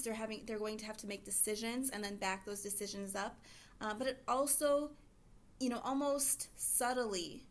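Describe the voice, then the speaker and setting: A woman teacher in a recorded lesson, speaking at an everyday middle pitch. She keeps it casual and chatty. She explains each step plainly for other teachers. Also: fairly bright tone.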